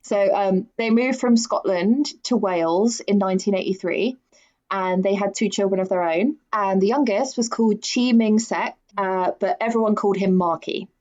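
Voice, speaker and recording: A woman's voice: mid-range voice, moderate pace, a little mellow, dull audio. A woman co-hosting a casual true crime podcast, talking in a chatty way with fillers. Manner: chatty, with frequent fillers and laughs. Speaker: podcast co-host.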